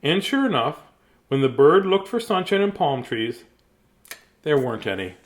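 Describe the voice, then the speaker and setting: A man's voice: fairly high pitch, very animated, normal speed. A man reading a bedtime picture book aloud on a live stream, breaking off for chatty, chuckling asides. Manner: chatty, chuckling asides between read lines. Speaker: storybook reader and host.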